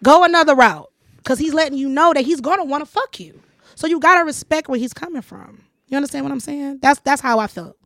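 A woman's voice: high voice, fast talker, dry recording, clean studio sound. A woman hosting a podcast, casually telling a personal story and acting out what others said. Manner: animated storytelling, acts out quoted lines. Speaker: podcast host. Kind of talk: casual chat.

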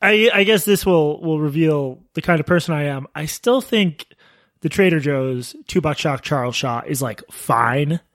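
A man's voice: a little high, a bit bright, no echo. Joking man on a dry podcast mic. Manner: joking, sarcastic, quick asides. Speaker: podcast co-host. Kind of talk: casual chat.

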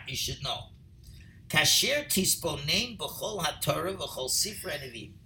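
Torah teacher, high ringing voice, bright, translates line by line, punches key points loudly. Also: male voice, slight background noise, rough recording. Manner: reads Hebrew phrases then translates, rising to near-shouting emphasis. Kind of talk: text study class, reading and translating.

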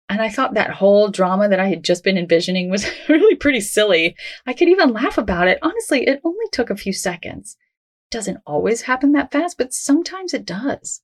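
Gentle reassuring woman podcast host. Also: medium pitch. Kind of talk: self-help podcast monologue.

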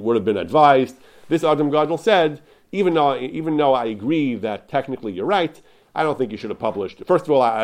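Male Torah lecturer, mid-pitched, informal, animated retelling with many restarts. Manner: animated retelling, repeats "he says", frequent restarts.

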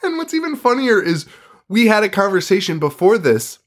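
A man's voice: sits high, normal speed. A man in his thirties co-hosting a podcast, talking casually, swearing and laughing a lot. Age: 30s. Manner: animated, swearing, laughing often. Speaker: podcast co-host. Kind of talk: casual chat.

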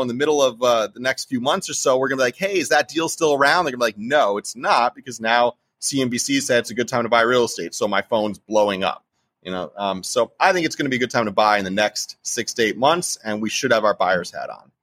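A real estate investor with a New Jersey accent talks fast and animatedly about investing as a guest in a casual interview, stressing his points emphatically. His voice is mid-range and a bit bright.

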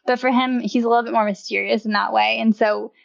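A woman's voice: a little high, steady tone, fast talker, gravelly, highs cut off. A woman in casual conversation as a guest, talking freely with a lot of "like" and laughing often. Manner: chatty, uses "like" constantly, laughs often. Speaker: podcast guest. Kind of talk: casual chat.

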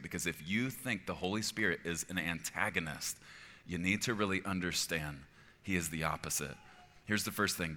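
A middle-aged man preaching to his church, his voice very deep yet bright and forceful. He talks earnestly and conversationally, pausing to ask his listeners if they follow. The sound carries a long reverb from a large hall. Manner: earnest, conversational preaching with frequent "okay?" check-ins. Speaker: pastor. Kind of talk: sermon. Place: church auditorium.

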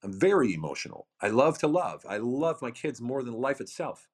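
A middle-aged man, a coaching program founder appearing as a podcast guest, talks in a mid-range, slightly rough voice with big pitch swings and a fairly quick pace. His motivational delivery is emphatic and packed with repetition and rhetorical questions.

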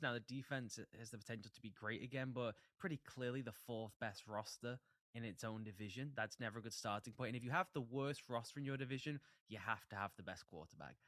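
Man, podcast co-host, football analyst, dry wit, lowish voice, dry close mic. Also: a bit bright, dry recording. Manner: dry wit, confident opinions.

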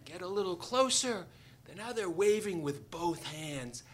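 Guy spinning a funny true story, voice jumps all over, bright tone. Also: high-pitched, normal speed, slight background noise. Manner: animated, joking, acts out the voices of the people in the story. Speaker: doctor telling a personal story. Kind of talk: live storytelling.

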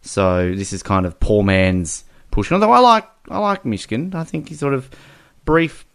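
A man's voice: medium pitch, normal speed, clean tone. Guy on a podcast, laughs a lot retelling movie scenes, loose casual chat. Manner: animated, laughs often while retelling scenes. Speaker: podcast co-host.

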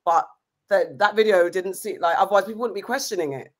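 A woman hosting a casual chat podcast, talking in an animated, rambling way with lots of restarts. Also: mid-range voice, fast talker.

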